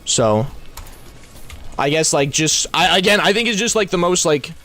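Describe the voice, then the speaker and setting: A young man from New Mexico with an American accent, streaming live and chatting with his viewers, swinging between yelling and talking normally and saying bro a lot. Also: a little high, lively intonation, normal speed.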